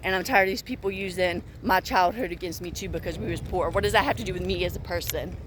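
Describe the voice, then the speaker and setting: A woman's voice: lowish voice, quick pace, slight background noise. A woman vlogging while she walks outside, venting in an upset, emphatic way and repeating herself. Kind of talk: venting monologue to camera. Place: outdoors, walking in the heat.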